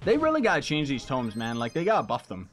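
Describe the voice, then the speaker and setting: A man's voice: mid-range voice, huge pitch swings, fast, faint music behind. Rambling male game streamer. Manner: loose and rambling, slangy, talks to chat. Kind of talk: casual live-stream chat while gaming.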